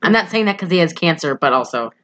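A bright, forceful woman on a podcast, retelling a movie in a loose, jokey way. She talks on a slightly low pitch and keeps stacking fillers and quick asides as she goes. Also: expressive, dull audio. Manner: chatty, jokey, lots of "like" and restarts. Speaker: podcast co-host. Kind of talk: casual movie recap chat.

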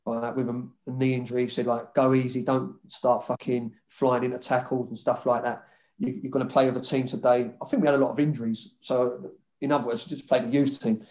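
A man's voice: medium pitch, darkish tone. A man, a former footballer casually telling rambling anecdotes in an interview, swearing freely.

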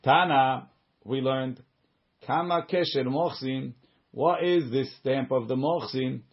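A man's voice: medium pitch, slow, lo-fi sound. A man teaching a Talmud class, reading the Hebrew and Aramaic text and explaining it in English with frequent restarts and side remarks.

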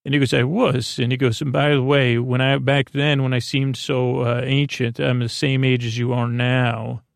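Gravelly, flat-voiced man recapping casually. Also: medium pitch, normal speed, no room sound, studio quality. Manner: loose, rambling retelling with offhand jokes. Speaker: podcast host recapping an episode.

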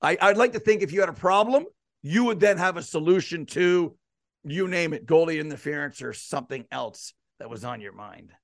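A man's voice: fairly high pitch, lively intonation, moderate pace, no echo, studio quality. A man hosting a casual sports podcast, asking long, rambling, leading questions. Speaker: podcast and radio host.

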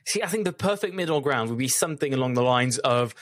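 Bright, dry-sounding male podcast host. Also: medium pitch, expressive, fast talker, dry recording. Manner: joking, chatty, runs segments. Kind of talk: casual podcast chat.

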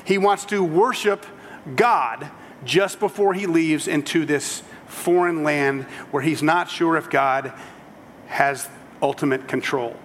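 A man's voice: a little high, slow, fairly bright tone, long reverb tail, a little hiss or hum. A man preaching a sermon, telling the story in a conversational way with humorous asides. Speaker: pastor.

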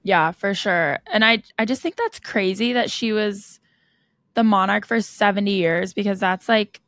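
A woman's voice: medium pitch, moderate pace, fairly bright tone, dry recording, studio quality. A young woman co-hosting a podcast, telling stories in casual chat with lots of "like.". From United States. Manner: chatty, storytelling, frequent "like". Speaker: podcast co-host.

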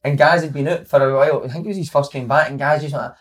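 A man's voice: fairly high pitch, steady tone, very fast. A Scottish man telling football dressing-room stories in casual chat, swearing a lot and acting out what people said. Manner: sweary, laughing, acts out quotes loudly. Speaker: podcast guest, former footballer.

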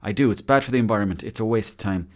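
A man's voice: on the low side, very fast, a little mellow. An Irish man in his thirties hosting a casual solo podcast, rambling and self-mocking as he chats. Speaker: podcast host.

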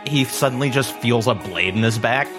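A man's voice: medium pitch, moderate pace, over music. A man running a tabletop game as game master, narrating casually with fillers and laughter.

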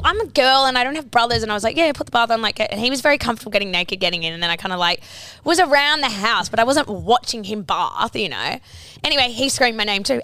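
This is a woman in her late twenties with a bright, forceful voice, telling stories like a chatty podcast co-host. She swears freely and acts out everyone's lines with lots of energy. The sound is close and dry, with no room around it. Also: on the high side, dry recording. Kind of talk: casual storytelling chat.

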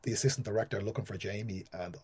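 A young Irish man speaks in a rapid, slightly husky voice. He rambles through interview answers, restarting phrases and leaning on "like" and "you know". He talks casually, as if telling stories to a friend. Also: fairly low pitch, darkish tone. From Ireland. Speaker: screenwriter guest.

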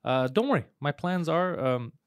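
A man hosting a comedy podcast, telling stories in fast, profane casual chat with lots of fillers. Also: fairly high pitch, animated, no echo, clean studio sound.

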